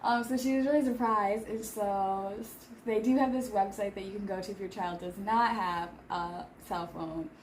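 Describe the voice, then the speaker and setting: At home in Seoul, a woman in her thirties vlogs while eating, chatting casually and rambling with lots of filler words. Her medium-pitched voice is steady and moderately paced, with slight background noise.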